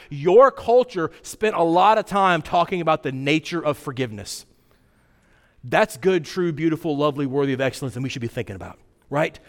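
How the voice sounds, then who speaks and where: A man preaching a sermon, telling stories casually and acting out quoted lines with big jumps in voice. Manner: animated storytelling, acts out quotes with pitch jumps. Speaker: pastor. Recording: long hall reverb.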